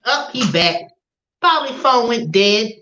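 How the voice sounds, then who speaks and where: An animated woman hosts a casual chat and acts out her callers in lively quoted voices as she tells stories. The sound has a roomy echo and a dull, lo-fi edge. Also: on the high side, unhurried. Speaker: podcast host; phone sales agent.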